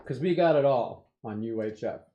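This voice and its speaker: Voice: mid-range voice, lively intonation, moderate pace, lo-fi sound. An American co-host of a live stream, reading film reviews in a playful, laughing way. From United States. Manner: laughing, playful, sings nonsense syllables. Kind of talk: casual chat reading reviews.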